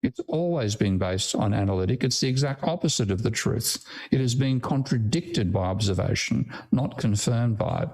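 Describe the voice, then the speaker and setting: A man's voice: lowish voice, lively intonation, normal speed, hardly any pauses, darkish tone. An older man with an Australian accent giving an online academic lecture over a video call, blunt and irreverent, swearing casually. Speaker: guest lecturer.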